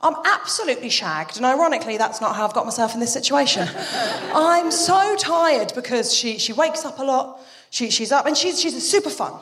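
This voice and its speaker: A woman's voice: sits high, lively intonation, a little fast, fairly bright tone, big-room sound. A British woman in her thirties performing a live, chatty stand-up routine and breaking into character voices. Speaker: stand-up comedian.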